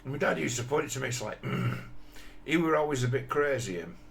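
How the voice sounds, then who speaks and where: A man's voice: medium pitch, lively intonation, brisk, gravelly, fairly bright tone, slight background noise. A man, talking bluntly in a rambling, profane monologue full of restarts. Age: 50s. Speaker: commentator.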